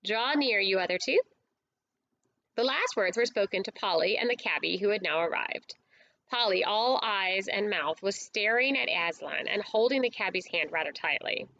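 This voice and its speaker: A woman reading a storybook aloud as an audiobook narrator, with clear, steady storytelling. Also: medium pitch, normal speed, muffled recording, slight background noise.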